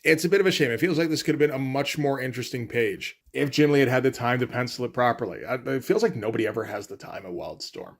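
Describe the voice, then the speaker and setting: A comics commentator with a mid-range, slightly rough voice talks quickly with hardly any pauses. He casually recaps and critiques a comic issue in an offhand, rambling read-through full of fillers.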